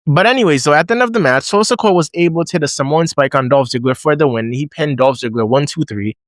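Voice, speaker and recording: A man giving a casual recap and review of a wrestling show, animated, acting out his own reactions in a raised voice. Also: on the high side, fast talker, no room sound, clean studio sound.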